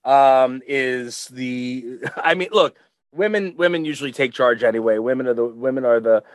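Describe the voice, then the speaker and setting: A middle-aged man co-hosting a podcast, chatting casually, rambling and stammering with loud laughs. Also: medium pitch, moderate pace, no room sound. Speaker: podcast co-host. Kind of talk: casual chat.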